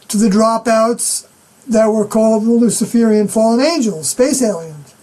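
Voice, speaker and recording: A middle-aged woman giving an unscripted scripture commentary as a personal testimony, halting and often clearing her throat. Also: a little high, mellow, low-quality recording.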